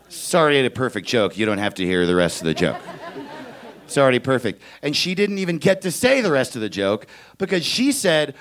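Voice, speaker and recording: A young man doing stand-up, telling a story with lots of energy, shouting out other people's lines and laughing as he goes. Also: sits high, gravelly. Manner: animated, shouts kid voices, laughs at own story. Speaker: stand-up comedian.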